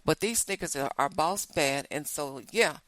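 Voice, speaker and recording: An older woman, hosting a show and telling folksy, animated stories straight to her listeners. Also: low-pitched, moderate pace, dry recording. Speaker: show host. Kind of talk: casual storytelling monologue.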